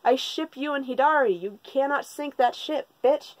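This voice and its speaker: A woman's voice: high-pitched, normal speed, no room sound, close to an everyday voice. A woman voicing a pushy teenage girl who teases and swears crudely. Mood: teasing. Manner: brash, foul-mouthed teasing.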